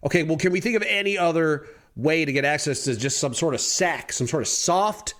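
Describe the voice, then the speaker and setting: A man's voice: a little high, fairly quick, a bit bright. A man from Texas with a Texan accent, playing a tabletop game and arguing his point animatedly. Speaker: player. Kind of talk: casual tabletop play.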